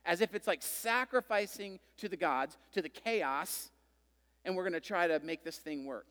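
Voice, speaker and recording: A man preaching a sermon, telling a Bible story with animated, conversational delivery and playful acted-out voices. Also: high voice, moderate pace, big-room sound. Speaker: pastor.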